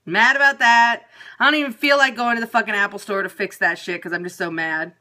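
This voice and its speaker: A woman's voice: medium pitch, animated, quick pace, bright, forceful tone. A woman venting casually and profanely to viewers on a phone livestream. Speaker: periscope broadcaster. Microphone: phone camera.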